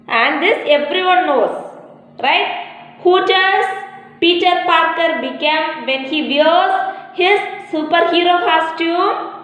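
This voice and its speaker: A woman's voice: sits high, fairly bright tone. A woman teacher, giving a lesson to young children, repeating each question and spelling the answers letter by letter. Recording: echoey room with long reverb.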